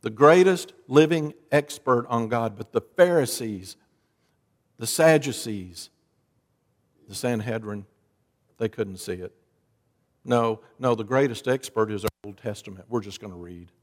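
A man preaching a sermon as a pastor, with dramatic swings between soft, low lines and loud, emphatic ones. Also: unhurried, long pauses. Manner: dramatic preacher, lively rises and drops in pitch and volume. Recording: long reverb of a large hall.

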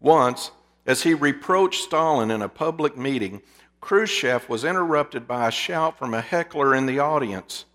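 A man preaching a sermon, asking his listeners rhetorical questions and dropping to a hush for emphasis. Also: mid-range voice, animated, unhurried. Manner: drops to a hushed voice for emphasis.

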